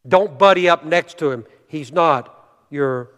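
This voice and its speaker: Male pastor, slightly high voice, emphatic sermon delivery with repetition, reverberant sanctuary sound. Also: moderate pace. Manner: emphatic preaching, rising loud for rallying lines, dropping low to teach; repeats key words for emphasis. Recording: long reverb of a large hall.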